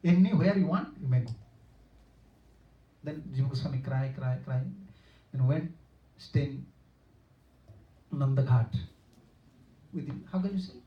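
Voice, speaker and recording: A man's voice: medium pitch, unhurried, long pauses, lo-fi sound. Older man preaching in a distant, echoey hall. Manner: simple non-native English, repetitive, animated when quoting characters. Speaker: spiritual teacher giving a lecture. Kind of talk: storytelling sermon. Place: temple hall.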